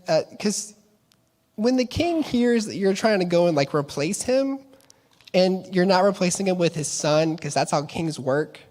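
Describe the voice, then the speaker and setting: A young man casually retelling a Bible story at a chapel service, chatty and playful, slipping into character voices for the people in the story. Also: high voice. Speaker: chapel speaker. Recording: long reverb of a chapel.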